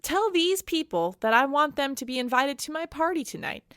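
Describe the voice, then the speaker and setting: A woman's voice: high-pitched, lively intonation, normal speed, a bit bright, no echo, studio quality, voice pushed up. A woman voicing an older male father and lord of the house, who talks in an offhand, bossy way.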